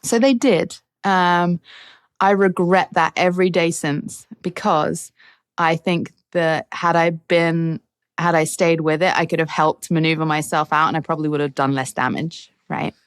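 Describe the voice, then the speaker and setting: A woman's voice: low voice, fairly even intonation, a little slow, clean tone, no echo, studio quality. A middle-aged English woman, a racing driver, candidly telling stories in a podcast interview and laughing often. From England.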